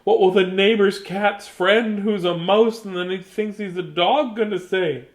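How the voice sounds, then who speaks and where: A woman's voice: mid-range voice, measured pace, pitched above the performer's own voice, close to an everyday voice. A man voicing a dramatic, fretting storybook mother in a raised voice. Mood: panicked. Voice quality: anxious exclamations.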